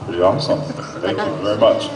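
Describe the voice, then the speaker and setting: A male panel moderator, brisk, addressing the audience. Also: on the low side, steady tone. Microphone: phone recording from the audience. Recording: echoey hall from far off, faint noise.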